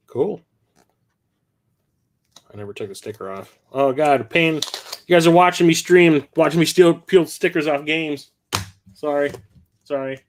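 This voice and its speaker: A man hosting a casual livestream, rambling and correcting himself as he talks, quick to laugh. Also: on the high side. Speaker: livestream host. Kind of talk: casual livestream chat about his game collection.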